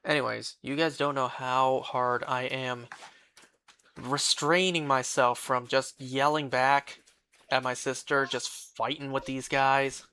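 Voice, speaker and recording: A woman's voice: a bass voice, steady tone, slow, fairly bright tone, a little hiss or hum. A woman streaming a game and chatting casually, venting in an exasperated way and swearing freely. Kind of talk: casual chat while gaming.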